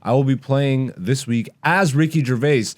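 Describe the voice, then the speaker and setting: Laid-back comedian rambling over gameplay. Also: male voice, mid-range voice, moderate pace. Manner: relaxed, rambling, self-deprecating. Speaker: comedian and podcast host. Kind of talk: casual podcast chat over gameplay.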